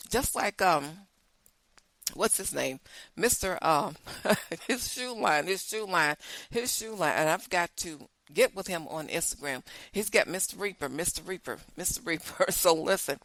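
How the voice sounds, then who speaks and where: An older woman, hosting a show and telling folksy, animated stories straight to her listeners. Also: medium pitch, no room sound. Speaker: show host. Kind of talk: casual storytelling monologue.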